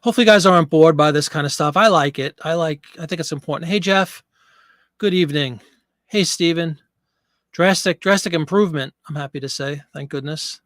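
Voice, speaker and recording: A man's voice: fairly high pitch, a little fast, a bit bright, no room sound, studio quality. A man hosting a casual live stream, chatting with viewers and a bit out of breath. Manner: chatty, reads viewer comments. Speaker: livestream host.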